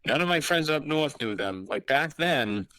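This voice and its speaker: A man's voice: a little high, animated, moderate pace, bright, forceful tone, smooth, no echo, rough recording. A man in his sixties, a guest musician in a casual podcast interview, telling rambling anecdotes full of asides.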